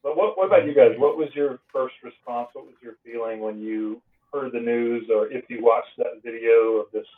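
A man's voice: mid-range voice, normal speed, hardly any pauses. A young man hosts a podcast, upbeat and joking, then turns to asking questions. His voice comes through a narrow, phone-like band. He sits back from the microphone. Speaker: podcast host and pastor. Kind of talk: casual podcast conversation. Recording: tinny phone-like line, distant from mic.

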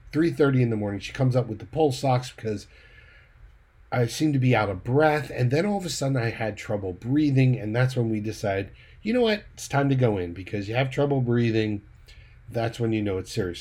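A man's voice: medium pitch, a little mellow. A man casually recounting a personal story, retelling the dialogue in a conversational way with the odd light laugh. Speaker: church leader giving a personal update.

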